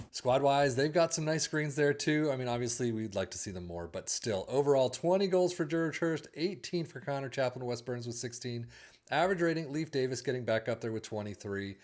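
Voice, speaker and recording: Man, medium pitch, casual game review host, upbeat, chatty, reading out stats. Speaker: video game channel host.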